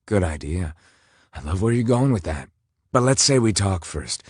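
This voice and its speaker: Guy narrating as a cocky protective survivor dude, deep voice, teasing and coaxing, audiobook. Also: very animated, normal speed, a little mellow, husky, no echo, clean studio sound, heavily acted.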